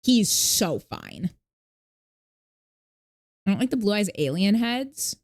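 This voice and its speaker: Speaking slowly but with lots of animation, this medium-pitched woman hangs out with her stream viewers over a faint hiss or hum. She swears without hesitation, fills her rambling with fillers, and breaks off to thank new followers. She isn't from New York, and the talk is casual live-stream chatter.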